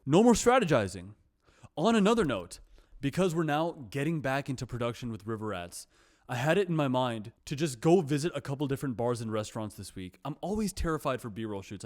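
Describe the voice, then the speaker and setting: A man vlogging in a casual, reflective monologue. He is self-deprecating and repeats himself. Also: medium pitch.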